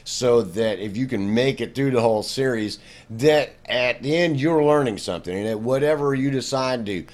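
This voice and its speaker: A man's voice: mid-range voice, normal speed, darkish tone. A middle-aged man giving a casual guitar lesson, rambling and conversational, peppering his talk with "you know" and "bro". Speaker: guitar teacher.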